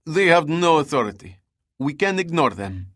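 A woman's voice: deep voice, big pitch swings, normal speed, voice pushed up. Man voicing a brusque woman. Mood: dismissive. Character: brusque Russian woman translator, dismissive.

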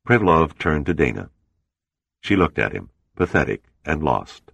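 Very deep-voiced male audiobook narrator. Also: very animated, a little slow, vocal fry, fairly bright tone, no room sound. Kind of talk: scripted narration.

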